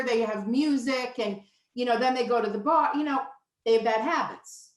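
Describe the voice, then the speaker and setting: A woman's voice: a little high, a little fast. A woman in her fifties, a nutritionist guest, talking candidly and emphatically in a casual interview. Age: 50s. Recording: roomy echo.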